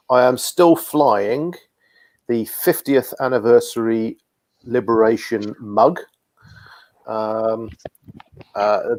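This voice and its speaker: A man's voice: medium pitch, a little mellow, no room sound. A man hosting a casual video call chat, telling a rambling anecdote with self-deprecating asides. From Guernsey. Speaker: podcast host.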